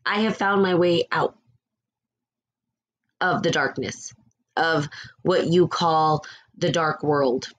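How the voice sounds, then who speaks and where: A woman's voice: sits low, takes it slowly, long pauses. A woman hosting a spiritual talk show, speaking in a blunt, candid, casual way, swearing freely and laughing now and then. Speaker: spiritual podcast host.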